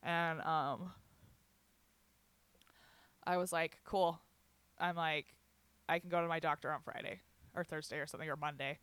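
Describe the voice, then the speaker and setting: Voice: medium pitch, steady tone, unhurried, pauses often, fairly bright tone, smooth, no echo. A young adult telling a personal story in casual chat, candid and profane, laughing often and quoting others. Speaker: guest recounting a hospital stay.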